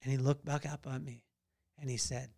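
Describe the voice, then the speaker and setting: A man's voice: medium pitch, level tone, normal speed, gravelly, darkish tone. A middle-aged man hosting a podcast, telling a family story and acting out the voices. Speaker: podcast host. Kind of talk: storytelling devotional talk.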